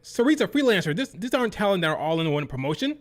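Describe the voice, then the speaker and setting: Male streamer, fairly high voice, fired-up, profane, exasperated rant into a desk mic. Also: very animated, quick pace. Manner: heated, profane, exasperated ranting. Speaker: livestream host. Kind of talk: ranting live-stream reaction.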